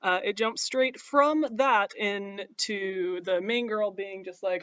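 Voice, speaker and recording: A man with a notably high voice rattles off a story summary in a dry, irreverent tone. He talks loosely, with plenty of ums and likes. The audio is somewhat dull and lo-fi. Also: normal speed, few pauses, fairly bright tone, clean tone, no room sound. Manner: wry, irreverent, chatty with fillers. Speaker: comedic recapper. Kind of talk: casual sarcastic plot recap.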